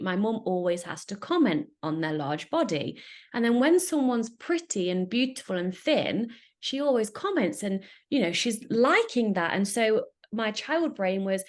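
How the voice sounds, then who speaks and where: A woman's voice: medium pitch, lively intonation, moderate pace. A woman host telling a personal story in an earnest, emotional way. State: getting emotional. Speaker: podcast host.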